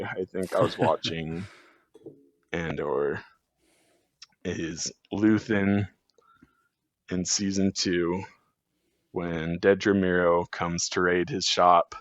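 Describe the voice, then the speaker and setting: A man's voice: sits low, dry recording. A man talking as a podcast guest in a rambling, casual way, full of fillers and restarts. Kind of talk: casual chat. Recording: dull lo-fi sound.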